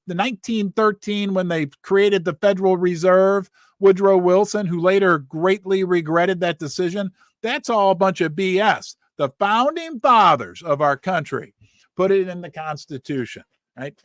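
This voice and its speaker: A man's voice: high-pitched, no echo. A middle-aged man talks through finance headlines in a slightly raised voice, breaking into emphatic, folksy asides and rhetorical questions. He sounds close to the mic in a dry, dead room. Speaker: host of a finance commentary show. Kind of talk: casual commentary reading news aloud. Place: home studio.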